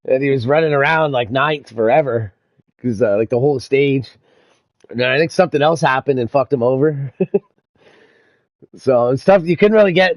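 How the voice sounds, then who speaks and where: A man's voice: medium pitch, dry recording. Laid-back swearing young man, dry sound. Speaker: sim racing streamer. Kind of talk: casual chat over voice chat.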